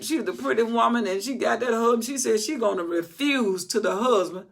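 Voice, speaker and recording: Older woman Bible teacher, folksy and animated, husky worn voice, acts out the verses. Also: a little high, a little fast. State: voice recovering, slightly worn.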